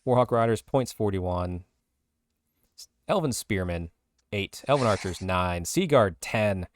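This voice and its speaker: A man's voice: fairly low pitch, lively intonation, unhurried, no echo, clean studio sound. A man co-hosting a casual podcast, rattling through lists of game rule changes. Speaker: podcast co-host. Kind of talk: casual podcast chat reading rules updates.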